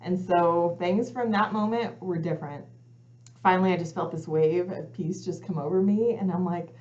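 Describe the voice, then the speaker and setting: A woman's voice: medium pitch, expressive, moderate pace, a little mellow. A woman, a guest coach on a talk show, telling her personal story in earnest and acting out her own past thoughts as she goes. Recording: slightly muffled lo-fi audio.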